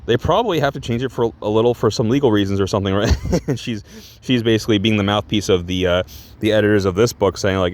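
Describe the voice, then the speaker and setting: A man chatting his way through a comic book review in a loose, rambling manner, swearing casually and laughing often. His voice sits low, and he stops to correct himself as he talks. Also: steady tone, a little fast.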